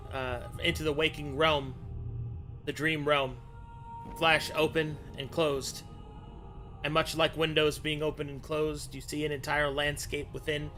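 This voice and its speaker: A man's voice: fairly high pitch, pushed and bright. A man narrating a tabletop game as game master, describing scenes with some fillers and restarts.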